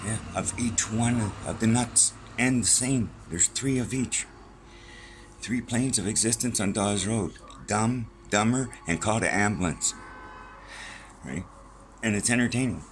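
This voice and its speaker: A man's voice: on the low side, measured pace, slight background noise, poor audio. A middle-aged man rambling casually and profanely in a vlog from a small room at home, jumping from topic to topic. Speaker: vlogger.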